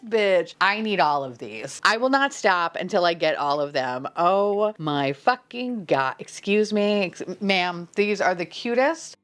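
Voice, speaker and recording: Young woman vlogger, very animated, gushing and profane, squealing over toys. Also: fairly low pitch, a little slow. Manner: gushing, swears a lot, squeals with delight. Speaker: unboxing vlogger. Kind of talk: casual unboxing chat.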